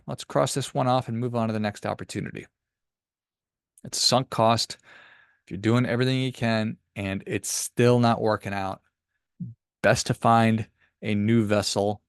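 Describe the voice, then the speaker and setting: A man's voice: lowish voice, creaky, dry recording, clean studio sound. A man hosting a money podcast, giving emphatic, encouraging advice about work and telling a story. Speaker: podcast host and financial advisor. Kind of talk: motivational podcast monologue.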